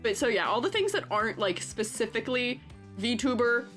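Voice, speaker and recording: A woman with a bright, higher voice chats on a live stream, her pitch bouncing up and down as she rambles. She giggles often and fills her talk with "like." Soft music plays faintly underneath. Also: big pitch swings, normal speed. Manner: giggly, rambling, full of "like" fillers. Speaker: streamer and art teacher. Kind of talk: casual live-stream chat.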